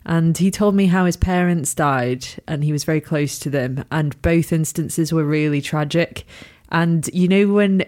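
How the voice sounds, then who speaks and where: A woman's voice: low voice, measured pace, hardly any pauses, darkish tone. A young woman, a podcast host, chatting candidly and laughing often. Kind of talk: casual chat.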